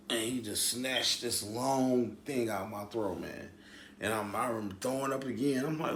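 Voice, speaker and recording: Man, casual storyteller vlog voice, swears often, lower pitch, reverberant room. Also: moderate pace, a bit bright, slight background noise. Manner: loose, slangy, says "man" often, swears. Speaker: storyteller vlogger.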